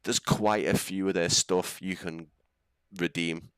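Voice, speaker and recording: A man's voice: deep voice, steady tone, unhurried, a bit bright, clean tone, dry recording, studio quality. A young man with a Scouse accent, rambling and laughing as he chats through a live stream. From England. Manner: chatty, rambling, laughs often. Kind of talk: casual live-stream chat.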